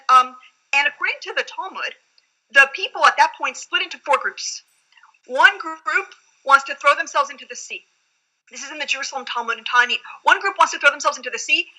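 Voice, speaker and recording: A woman's voice: high voice, expressive, brisk, pushed and bright, poor audio. A woman rabbi explaining scripture in an earnest, reflective teaching tone during a study conversation.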